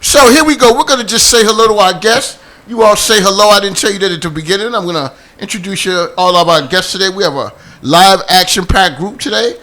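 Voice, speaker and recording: A man with a Boston accent hosting a casual talk show, loud, animated and jokey. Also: high voice, a little fast. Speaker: host.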